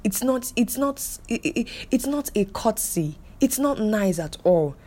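A woman's voice: mid-range voice, animated, moderate pace, mellow. A young woman hosting her own podcast, talking emphatically and repeating phrases to drive her point home. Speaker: podcast host. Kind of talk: solo podcast monologue.

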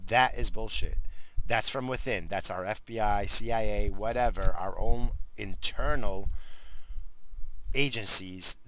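A man with a lowish voice rants to his audience in a loose, profane vlog style. He repeats his points, swears casually, and keeps interrupting himself with brisk, unapologetic apologies. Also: a bit bright, rough recording. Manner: profane, blunt, repetitive; heated, frequently apologizing. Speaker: vlogger. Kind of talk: casual rant to camera.

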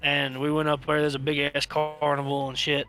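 A man's voice: on the high side, monotone, a little fast, bright, forceful tone, soft background music. A man telling long, rambling stories in casual chat, swearing freely as he goes. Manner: profane, rambling storyteller. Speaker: podcast co-host telling stories.

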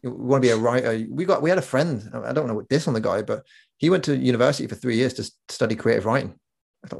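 A man talks quickly in a relaxed back-and-forth, piling one story onto the next. His voice has a gravelly rasp at the bottom, and his pace hardly lets up. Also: medium pitch. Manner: chatty storyteller, quick and rambling. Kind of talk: casual chat.

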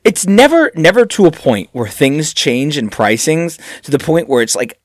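A man co-hosting a casual chat about fast-food work, acting out customers in raised voices. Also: on the high side, big pitch swings, no room sound, studio quality. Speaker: podcast co-host, fast-food worker.

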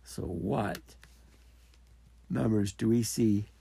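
A man's voice: on the low side, slow pace, dark tone, no room sound. A man hosting a casual podcast, rambling and correcting himself as he thinks aloud. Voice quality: gravelly, husky. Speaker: podcast host. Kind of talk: casual trading podcast talk.

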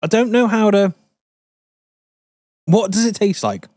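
A man's voice: high-pitched, measured pace, a little mellow, no echo. A man co-hosting a podcast in casual chat, laid-back and making dry quips. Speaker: podcast co-host.

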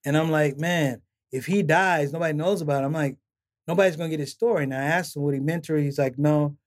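A man's voice: a little high, fast. A middle-aged comedian, a man, telling long stories in a casual interview and acting out the people he quotes. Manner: animated storyteller, acts out quotes with laughs. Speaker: comedian and podcast guest.

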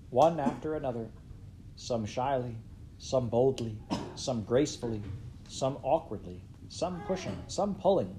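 A man reading a classic story aloud in an expressive way, with big swings in loudness and pitch. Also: a little hiss or hum. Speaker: storybook reader.

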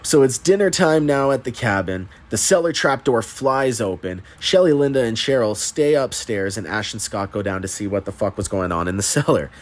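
A man's voice: lowish voice, normal speed, hardly any pauses. A man hosting a podcast, giving a casual, chatty movie recap with swearing and laughter. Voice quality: chatty, profane, laughs at the plot. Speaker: podcast host.

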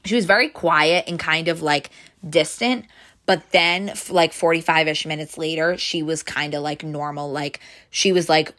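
Young woman, casual storyteller, lowish pitch with a sharp bright tone, acts out quotes, lots of "like". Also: steady tone, normal speed. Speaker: bank teller telling a story. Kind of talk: casual chat.

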